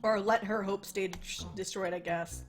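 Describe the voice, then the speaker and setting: A young woman plays through a visual novel as a let's play host, reading the narration aloud and then veering off into animated, rambling commentary full of swearing. Her voice sits at a medium pitch and moves at a moderate pace, with faint music in the background.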